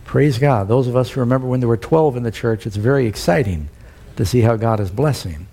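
A man's voice: mid-range voice, brisk, mellow. A man preaching a sermon, telling a story and putting questions to the congregation. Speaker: pastor.

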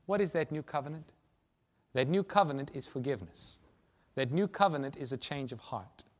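A man preaching a sermon and telling a story, swinging from loud emphasis to hushed near-whispers. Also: mid-range voice, expressive, normal speed.

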